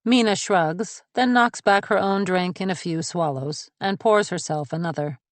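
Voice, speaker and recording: A woman's voice: lowish voice, moderate pace, no echo. A woman narrating a first-person thriller audiobook in a cool, observant, composed way.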